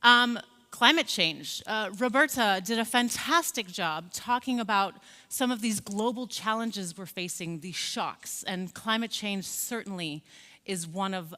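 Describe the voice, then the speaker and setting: A woman's voice: medium pitch, sharp tone, long reverb tail. A woman in her forties with an American accent, raised in Scotland, giving a friendly, conversational keynote lecture with many fillers. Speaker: keynote speaker. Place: large conference hall.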